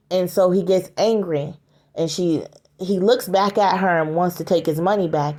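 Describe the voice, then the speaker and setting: A woman casually retelling a story scene aloud, halting, with frequent fillers and restarts. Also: lowish voice, steady tone, warm tone.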